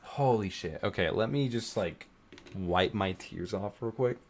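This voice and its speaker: A man talks slowly in a fairly low voice while reacting to videos. His asides are loose and casual, full of curses and sighs, and he is openly moved. There is faint noise behind him. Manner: swears often and sighs between remarks; emotional and easily moved.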